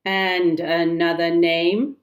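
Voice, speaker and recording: A woman reading a storybook and voicing a furious, blustering adult male pirate captain with loud, slow, emphatic lines. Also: on the low side, little pitch movement. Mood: puzzled.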